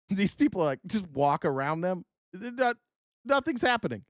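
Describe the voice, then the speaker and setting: A man's voice: high voice, very animated, normal speed, no echo, clean studio sound. A man from Utah hosting a casual political livestream, reading viewers' chat comments aloud and answering them with sarcasm. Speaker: livestream host.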